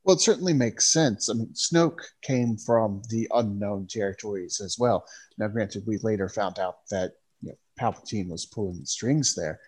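A man's voice: fairly low pitch, darkish tone, husky. Hesitant man on a podcast. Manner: measured, hesitant with many uhs. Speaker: podcast co-host. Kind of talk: casual chat.

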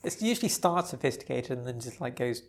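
A woman's voice: rumbling low, lively intonation, quick pace. A woman co-hosting a casual podcast, throwing in wry asides and tangents. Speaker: podcast co-host. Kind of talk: casual chat.

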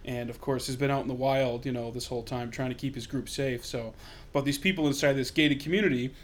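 A man's voice: mid-range voice, steady tone, brisk, slight background noise. A man hosting a casual podcast chat, rambling with many fillers. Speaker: podcast host.

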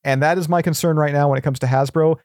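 A man's voice: a little high, steady tone, quick pace, darkish tone, dry recording, clean studio sound. A man joining a podcast as a guest in casual chat, earnest and hesitant, with many fillers.

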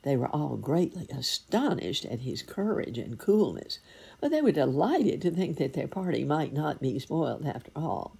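A woman narrating a fairy tale in an expressive, lively storytelling manner. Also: sits low, normal speed, gravelly, husky.

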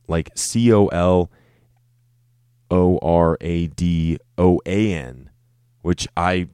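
A man's voice: sits low, a little mellow, clean tone, dry recording, studio quality. A young man hosting a casual solo podcast, rambling and joking with plenty of swearing. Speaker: podcast host.

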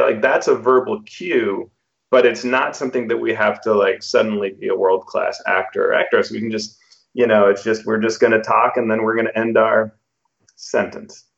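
A podcast host gives relaxed advice on running tabletop games. His voice sits low and has a gravelly fry. The sound is muffled and lo-fi. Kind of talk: podcast discussion. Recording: dull lo-fi sound.

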